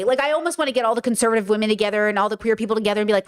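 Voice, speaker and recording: A woman's voice: on the high side, animated, racing, hardly any pauses, smooth. A young adult woman streamer giving casual, emphatic commentary, repeating her points and swearing freely. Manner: emphatic and repetitive, frequent "like" and swearing. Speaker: streamer and podcast host.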